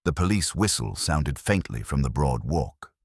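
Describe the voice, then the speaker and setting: A man reading a period mystery as a narrator, in measured, literary storytelling. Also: a bass voice, sing-song, breathy edge, no room sound, clean studio sound. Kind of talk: scripted audiobook narration.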